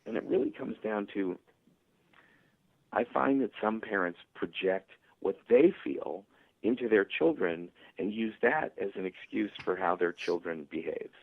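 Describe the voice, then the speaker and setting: A male author telling stories and acting out parents' voices in a radio interview, with a husky, gravelly voice. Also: lowish voice, expressive, measured pace. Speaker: author guest. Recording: tinny phone line.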